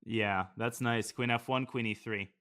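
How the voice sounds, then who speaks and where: A man's voice: mid-range voice, fairly even intonation, unhurried, a bit bright. A man streaming online blitz chess, thinking aloud about his moves in a casual, joking way. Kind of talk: live commentary while playing online blitz.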